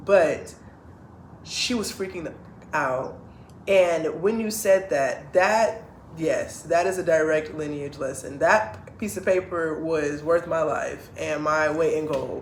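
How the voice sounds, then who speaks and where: A young woman from the Bay Area, co-hosting a casual family podcast and growing loud and animated when telling stories. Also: sits low, takes it slowly. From San Francisco Bay Area. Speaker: podcast co-host. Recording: echoey room, faint background hiss.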